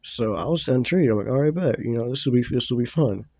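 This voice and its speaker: A man's voice: medium pitch, expressive, quick pace, mellow, no echo, clean studio sound. A young man casually telling a rambling story to his viewers, full of fillers and swearing.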